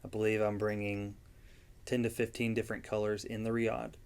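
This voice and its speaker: A man chatting as a guest in a relaxed interview. His voice sits a little low, and he talks in an easygoing, plain-spoken way, pausing often with ums as he goes. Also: gravelly, clean tone. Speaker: yarn dyer and guest vendor. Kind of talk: casual interview chat.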